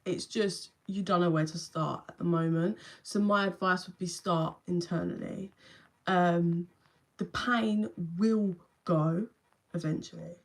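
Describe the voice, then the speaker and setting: A woman's voice: fairly low pitch, steady tone, a little slow. Chatty young London woman reading tarot. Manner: chatty, addresses viewers by name, casual swearing. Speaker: tarot reader. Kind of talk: live-stream reading to viewers. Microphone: phone.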